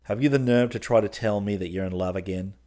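A man's voice: fairly low pitch, fast, dark tone, natural voice. A man voicing a scornful, exasperated young male art student scolding his friend. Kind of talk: audiobook character reading.

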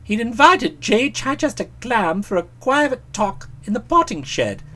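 Lively, wry audiobook narrator. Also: medium pitch, unhurried. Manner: lively, wry, expressive reading. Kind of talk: comic novel narration.

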